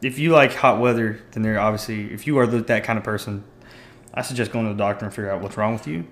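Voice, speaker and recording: A man's voice: on the low side, fast talker, slight background noise. Blunt joking young man. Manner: blunt, joking, says dude and y'all. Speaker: podcast guest. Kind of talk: casual chat.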